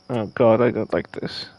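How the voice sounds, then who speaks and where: A tired man streaming a live game review, reacting with excitement as he plays. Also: lowish voice, no echo. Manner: excited, talks to himself while playing. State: tired and sleepy.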